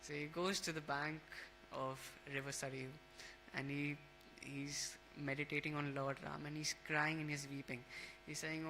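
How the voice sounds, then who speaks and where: A man leading a temple scripture class, telling a devotional story in a casual, halting way, with many fillers and restarts. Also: a little high, level tone, pushed and bright, a little hiss or hum, rough recording.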